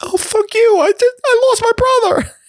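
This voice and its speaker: A man voicing a flustered grieving sister with a shrill, panicky voice. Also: moderate pace, no echo, studio quality. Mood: indignant.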